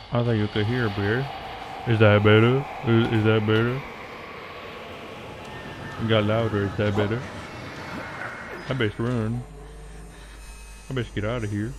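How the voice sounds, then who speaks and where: Male streamer, playful running commentary, relaxed slow delivery, faint noise behind. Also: fairly low pitch. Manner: playful, joking with chat. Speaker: game streamer. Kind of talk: live gameplay commentary.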